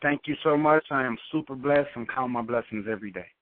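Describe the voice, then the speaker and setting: A man from Brooklyn, New York, a guest boxer in a casual phone interview, halting and repeating words. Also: mid-range voice, dry recording. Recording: tinny phone line, dry.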